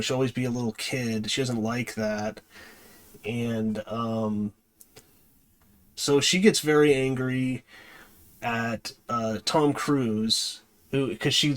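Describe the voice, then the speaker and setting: Male movie reviewer, mid-pitched, casual and rambling, lots of fillers and self-corrections. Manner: hesitant, many fillers and restarts. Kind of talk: casual spoken plot recap.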